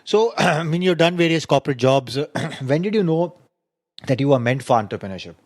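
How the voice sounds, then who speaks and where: A man's voice: fairly high pitch, a little fast. A man hosting a podcast interview, asking questions and giving short acknowledgements. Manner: brief acknowledgements, lively questions.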